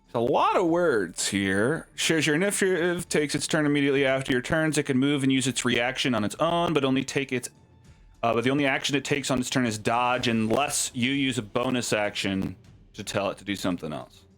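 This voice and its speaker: A man narrating as game master of a tabletop game, animated and quick to react with laughs and exclamations. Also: medium pitch, soft background music.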